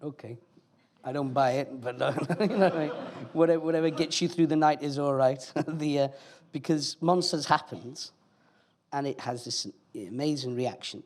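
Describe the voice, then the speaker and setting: A man's voice: on the high side, normal speed, a little mellow. A man hosting a stage interview, asking questions and teasing the guest playfully. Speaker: interviewer, host.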